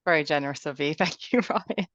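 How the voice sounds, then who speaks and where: A woman's voice: low voice, fairly quick, fairly bright tone, dry recording. A woman co-presenting a product webinar over a video call, giving brief, polite replies. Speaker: head of product marketing. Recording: dull, dry lo-fi audio.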